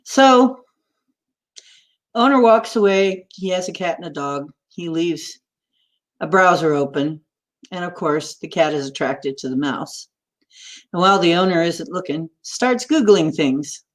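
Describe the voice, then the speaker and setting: A woman's voice: on the low side, lively intonation, unhurried. A woman hosting a casual chat, rambling and giggling between puns and jokes.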